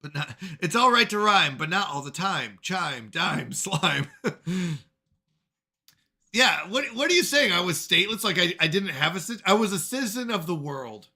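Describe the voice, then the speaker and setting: An American man chats casually on a gaming livestream, drifting from topic to topic as he replies to viewers. His voice sits high and sounds bright and forceful. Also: big pitch swings, normal speed. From United States. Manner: rambling, answers chat questions aloud. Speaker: streamer.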